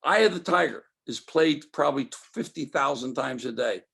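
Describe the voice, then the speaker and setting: A man's voice: medium pitch, lively intonation, normal speed, creaky, a bit bright. An older man, a guest in an interview, telling stories animatedly and acting out quoted dialogue. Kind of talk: storytelling interview.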